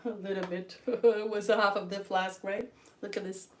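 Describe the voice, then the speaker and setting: A woman cooks on a live stream in her home kitchen, her mid-range voice fairly even and at normal speed, though the recording quality is low. Originally a Portuguese speaker, she's talkative, laughs a lot, and addresses viewers head-on while feeling weak and sick.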